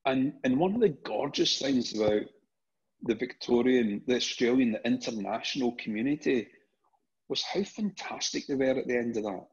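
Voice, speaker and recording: A middle-aged man with a Scottish accent tells stories in a casual, chatty way, often restarting and repeating words as he goes. His voice is husky and sits in an ordinary middle register. The podcast recording sounds dull and lo-fi. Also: medium pitch, normal speed. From Scotland. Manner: animated anecdotes with frequent restarts and repeated words. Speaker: podcast guest. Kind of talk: casual storytelling.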